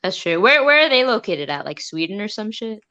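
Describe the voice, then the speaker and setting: A woman's voice: mid-range voice, sing-song, a little fast, sharp tone, lo-fi sound. A woman making wry joking asides in a casual chat.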